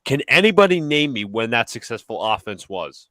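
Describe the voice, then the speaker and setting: This podcast host from the New York area has a mid-range, sing-song voice that sounds bright and forceful, captured in a dry recording at a moderate pace. He argues his points emphatically in an animated sports debate, repeating lines for effect.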